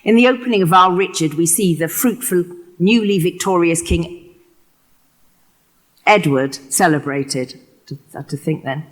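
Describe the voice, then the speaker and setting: Expressive English woman giving a lecture. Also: lowish voice, measured pace, long pauses. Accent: West Country English. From England. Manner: expressive, acts out quotations. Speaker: keynote speaker. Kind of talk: prepared lecture.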